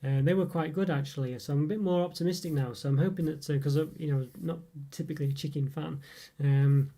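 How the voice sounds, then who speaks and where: A man's voice: a little high, steady tone, fast, mellow. A man hosting a casual livestream, rambling with many fillers and chuckles as he answers viewer comments. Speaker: livestream host reviewing snacks. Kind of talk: casual live chat reading viewer comments.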